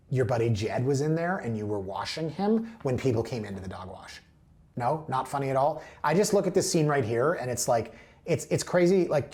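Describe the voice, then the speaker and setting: A man's voice: mid-range voice, a little mellow. Chatty man hosting a real estate show. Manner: chatty, prone to playful tangents. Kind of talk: casual commentary on listings.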